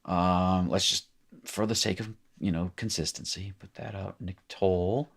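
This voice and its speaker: A man's voice: low voice, fairly even intonation, unhurried, gravelly, fairly bright tone. A man teaching a recorded language lesson, explaining patiently with small asides and encouraging the listener. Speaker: Hebrew teacher.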